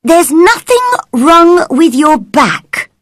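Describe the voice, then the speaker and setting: A woman voicing a cross, stubborn young girl with sharp, angry outbursts in a storybook reading. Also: high-pitched, very animated, slow pace, no room sound, studio quality, voice pushed up, heavily acted. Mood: firm.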